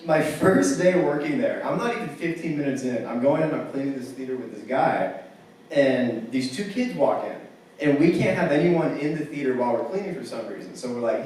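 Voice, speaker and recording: Telling wry, laid-back stories thick with "like," a young adult man does stand-up for a live audience in a campus theater. His mid-range voice is expressive and darkish, moving at a moderate pace, and the recording is distant and very echoey.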